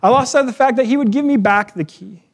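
Guy preaching a sermon, kinda high voice, chatty and storytelling. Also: fast talker. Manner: conversational, storytelling with personal anecdotes. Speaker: pastor.

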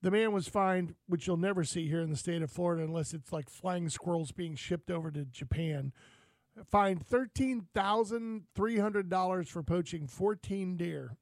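With a high-pitched voice and no room sound, a man hosts an outdoors talk show. His casual chat wanders through folksy stories, told with animated, rambling flair.

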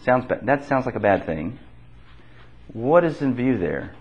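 Bible class teacher, male, animated pitch, slightly husky, dull lo-fi recording, quizzes the room and repeats answers. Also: a little slow. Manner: asks the class questions and repeats their answers; conversational, with restarts.

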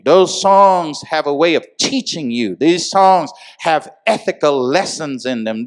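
A man preaching a sermon to a congregation, with call-and-response phrases, rising from calm teaching to shouted emphasis. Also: a little high. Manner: repeats "come on, y'all" and "amen". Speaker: pastor.

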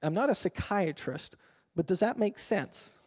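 A man's voice: high voice, animated, a little slow, darkish tone, breathy edge, big-room sound. A man preaching a sermon as pastor, talking conversationally and asking the congregation questions. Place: church sanctuary.

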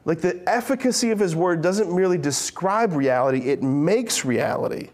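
Emphatic preacher, man, fairly high voice. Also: animated, darkish tone. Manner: emphatic, with casual asides and quick questions to listeners; reads scripture aloud with dramatic slowing. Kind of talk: conversational sermon.

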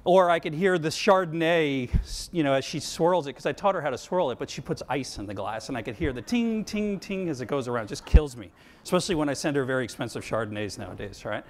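A man's voice: on the high side, expressive, quick pace, a little hiss or hum. A middle-aged man giving a conference presentation to a large audience, telling stories with self-deprecating humor. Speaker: conference speaker on wine sales. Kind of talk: keynote presentation.

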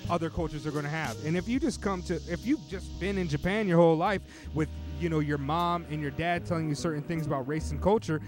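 A man lays out his thoughts in long, careful sentences on a casual podcast, swearing offhandedly. His voice sits a little high. Music is clearly audible behind him. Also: quick pace, few pauses.

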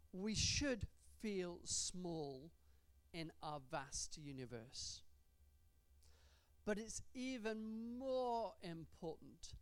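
A woman preaching a sermon at an unhurried pace. Her pitch rises and falls widely as she stretches out key words, with touches of gentle humour. The sound is close and dry. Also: no room sound. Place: church.

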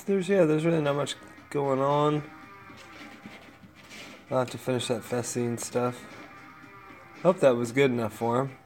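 A tired man hosting a casual solo podcast from home, rambling and easily distracted. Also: medium pitch. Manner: rambling, distracted, talks to his cats. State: tired, yawning. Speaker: podcast host.

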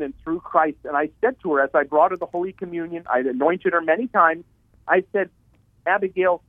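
Earnest priest over a tinny phone line. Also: male voice, fairly high pitch, dry recording. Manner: earnest preaching with repeated words. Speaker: Catholic priest. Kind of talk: radio talk on faith. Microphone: telephone.

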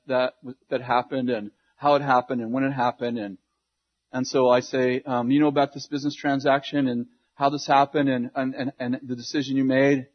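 A man preaching to a congregation, telling a funny story in an animated way with laughs and quick asides. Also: mid-range voice. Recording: dull lo-fi sound.

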